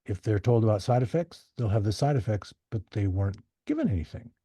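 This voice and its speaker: Husky-voiced man telling animated stories. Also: on the low side, fast talker, no room sound. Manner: animated, acts out quoted voices. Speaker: podcast guest. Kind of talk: casual storytelling.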